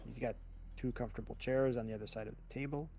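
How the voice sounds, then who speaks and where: A man narrating as game master, describing scenes in a relaxed way with frequent restarts. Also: mid-range voice, fast, creaky, slight background noise.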